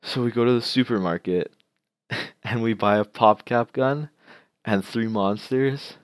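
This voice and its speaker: A man's voice: medium pitch, measured pace, dry recording. A young man telling a prank story to his viewers, casual and rambling, laughing as he goes. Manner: laughing, rambling with many fillers. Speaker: vlogger.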